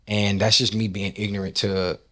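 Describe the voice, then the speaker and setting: In a fairly low voice at normal speed, a Nashville, Tennessee rap and R&B artist appears as an interview guest, loose and profane. His long, animated stories come with acted-out lines from the people in them.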